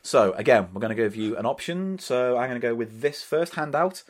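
Lively Scouse man joking on a podcast. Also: medium pitch, a little fast. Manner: deadpan teasing, exasperated outbursts. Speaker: podcast co-host. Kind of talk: comedic banter.

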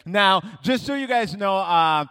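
A man giving a motivational talk at a school assembly, energetic and loud at first, then lowering his voice and growing earnest. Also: moderate pace. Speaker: motivational speaker and author.

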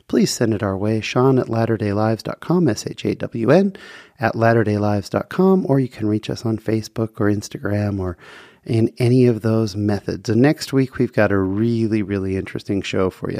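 A man's voice: fairly low pitch, dark tone, no echo, studio quality. A man hosting a podcast, telling a personal faith story in an earnest, heartfelt way. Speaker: podcast host.

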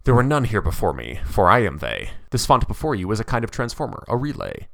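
Man doing calm old philosopher ghost, low voice, measured lecturing, dry close sound. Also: vocal fry, no room sound, exaggerated voice. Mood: solemn. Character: ancient male philosopher spirit, calm and instructive. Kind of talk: dramatic reading of a story.

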